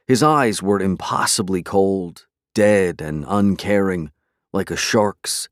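A man reading an audiobook delivers the scripted story deliberately and dramatically, his voice pitched on the low side. It's recorded close and dry, with no room sound at all.

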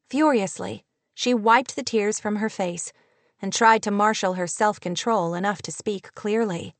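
A woman reading a romance novel aloud in an even, measured storytelling voice. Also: medium pitch, no room sound. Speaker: audiobook narrator. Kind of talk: scripted narration.

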